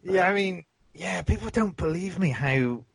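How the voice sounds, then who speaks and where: Husky, sweary man telling stories. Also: high voice, expressive, moderate pace, no echo. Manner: swears a lot, rambling storyteller. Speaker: podcast host. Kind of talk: casual chat.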